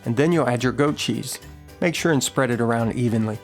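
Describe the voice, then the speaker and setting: A middle-aged man hosting a podcast, casually walking through a recipe and telling a story in a relaxed, folksy way with filler words. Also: mid-range voice, brisk, soft background music. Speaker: podcast host.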